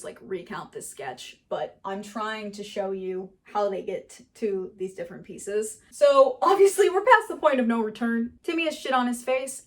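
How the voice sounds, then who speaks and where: A woman teaching sketch comedy writing in a casual, animated way, laughing often and acting out quoted lines. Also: a little high. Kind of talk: casual explainer lesson.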